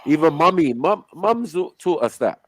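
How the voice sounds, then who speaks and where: A man's voice: fairly high pitch, normal speed, a crowd in the background. A man joking with friends during casual livestream banter. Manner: joking, lively. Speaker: panelist.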